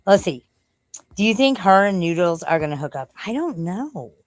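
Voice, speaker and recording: A woman's voice: fairly low pitch, big pitch swings, normal speed, no room sound, low-quality recording. Rambling, profane woman streamer. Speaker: live streamer. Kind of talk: casual live-stream chat. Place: home.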